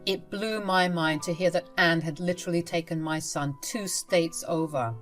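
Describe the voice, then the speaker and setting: Low-voiced woman narrating a story. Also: steady tone, moderate pace, fairly bright tone, faint music behind.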